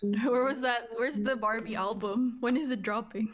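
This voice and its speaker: A woman playing in a tabletop game, chatting casually and teasing the others with quick giggles. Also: a little high, fairly even intonation, slight background noise. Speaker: player. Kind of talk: casual chat.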